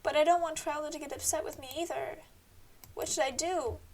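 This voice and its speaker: A young woman hosting a game playthrough, reading dialogue and reacting playfully and loudly. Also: high voice, steady tone, brisk. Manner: playful, exclamatory. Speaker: let's play host.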